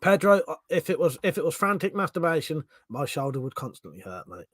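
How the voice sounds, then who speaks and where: A man's voice: a little high, very animated, brisk, a bit bright, no echo, studio quality. A British man hosting a casual livestream, reading viewers' comments aloud and bantering with loose, swearing chatter. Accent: British English. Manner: swears freely, rambling, banter with chat. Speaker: livestream host.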